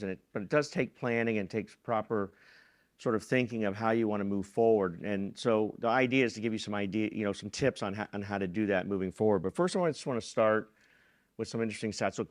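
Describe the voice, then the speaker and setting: Casual middle-aged man giving a keynote. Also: on the low side. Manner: casual, conversational with frequent fillers and restarts. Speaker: keynote speaker, venture fund president. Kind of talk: conference talk. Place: conference stage in a hall.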